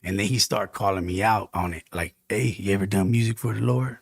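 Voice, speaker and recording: A man's voice: on the low side, brisk, vocal fry, no room sound, studio quality. A man telling a heartfelt personal story on a podcast in casual, slang-filled speech. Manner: earnest, heartfelt testimony with street slang.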